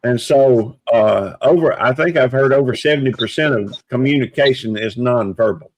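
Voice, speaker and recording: A man in casual live-stream chat, talking in a measured, hesitant way with many fillers. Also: medium pitch, dry recording, poor audio. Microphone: video call.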